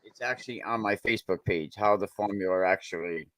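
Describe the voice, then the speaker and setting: A man's voice: on the low side, a little fast, a bit bright, no room sound. A man hosting a casual sports talk over a call, speaking bluntly and repeating himself as he argues. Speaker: show host.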